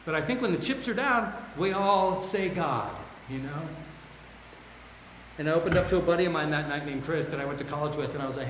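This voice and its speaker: A man with a slightly higher-than-average voice tells his recovery story with raw, self-deprecating candor. His words ring out through a large hall with long, echoing reverb, and a faint room ambience sits underneath. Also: animated, a little fast, fairly bright tone, a little hiss or hum. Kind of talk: candid personal testimony.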